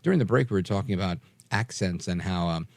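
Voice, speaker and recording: A man in his forties from New York, with a mostly softened New York accent, hosting a late-night talk radio show in an emphatic, energetic manner with frequent fillers and restarts. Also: low-pitched, fast talker, vocal fry, no echo. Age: 40s.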